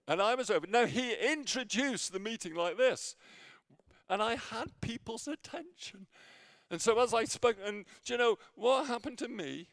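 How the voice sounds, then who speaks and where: A man preaching a sermon with a personal story, halting with many fillers and restarts, sometimes dropping to near a whisper. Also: high-pitched, gravelly, no room sound, studio quality. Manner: drops to near whisper in quiet moments.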